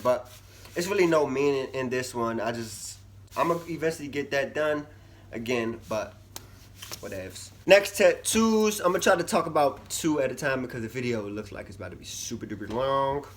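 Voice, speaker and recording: A man's voice: mid-range voice, moderate pace, slight background noise. Chatty young man vlogging to camera. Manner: chatty, animated, swings from loud to mumbly. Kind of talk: casual vlog talk to camera.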